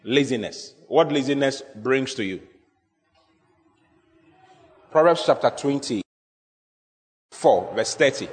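A pastor preaching a sermon, emphatic and repetitive, often quizzing the congregation. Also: male voice, medium pitch, lively intonation, slow, long pauses. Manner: emphatic, repeats key phrases, asks the congregation questions. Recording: long hall reverb.

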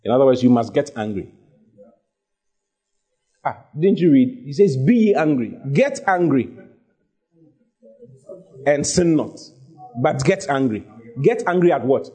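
A man's voice: on the high side, big pitch swings, unhurried, pauses often, dark tone, slightly rough. A man preaching a sermon, emphatic and repeating his key phrases as he exhorts the congregation.

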